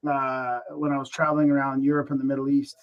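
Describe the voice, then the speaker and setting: A man's voice: mid-range voice, fast, highs cut off. Rambling man telling a story. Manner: rambling, animated storytelling with many restarts. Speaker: podcast co-host. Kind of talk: casual podcast chat.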